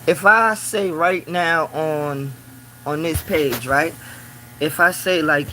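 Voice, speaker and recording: In a rough recording with slight background noise, a man with a voice on the high side speaks slowly while casually live streaming from his small office at work. He rambles in run-on phrases heavy with "you know" fillers and becomes loud and preachy when something riles him.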